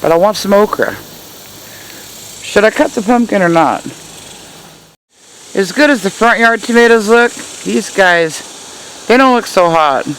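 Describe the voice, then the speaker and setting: A woman's voice: medium pitch, expressive, measured pace, long pauses, a little hiss or hum, poor audio. A woman giving a casual, chatty tour of her backyard garden in the heat, hot and sweaty and laughing at herself. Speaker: gardening vlogger.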